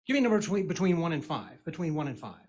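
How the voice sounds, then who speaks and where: Brief: male stage magician, slightly high voice, corny punning patter, teasing the crowd live. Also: sing-song, very fast. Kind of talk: comedy magic act with audience banter. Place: live stage before an audience.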